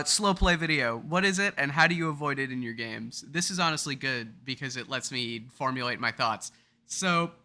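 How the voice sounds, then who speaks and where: A man's voice: medium pitch, bright, forceful tone. A man explaining a card game topic in a chatty, rambling, self-deprecating way, now and then acting out scenarios. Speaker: card game video creator.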